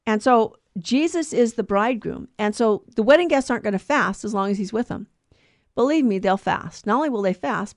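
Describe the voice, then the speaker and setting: A woman's voice: a little high, no room sound. Woman explaining scripture, dry close sound. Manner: explanatory, digressive, self-correcting. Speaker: podcast co-host teaching scripture. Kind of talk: casual catechetical chat.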